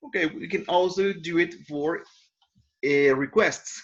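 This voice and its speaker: Male teacher for a grammar lesson: a slightly high voice, patient and explanatory, with frequent self-corrections. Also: a little slow, dull audio. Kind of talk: recorded classroom lesson.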